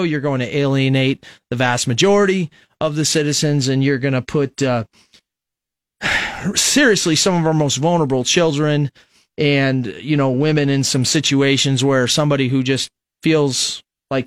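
Man, radio talk host, from Nebraska, rambling and conversational, lots of fillers, slightly high voice, dry close mic. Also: no room sound. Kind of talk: conservative political talk radio monologue.

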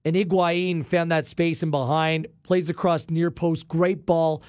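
A man hosting a studio sports show, talking through match highlights with enthusiasm. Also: flat delivery, unhurried, a little mellow, dry recording. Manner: enthusiastic, upbeat. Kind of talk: studio sports analysis chat.

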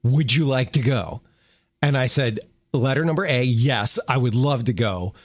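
A man's voice: mid-range voice, moderate pace, no echo. Easygoing middle-aged man radio co-host. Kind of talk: casual morning radio chat.

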